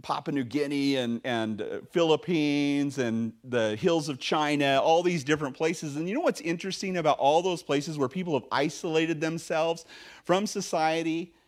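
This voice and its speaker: A male pastor preaching a sermon in a conversational, animated way, with frequent fillers and restarts. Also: a little high, normal speed.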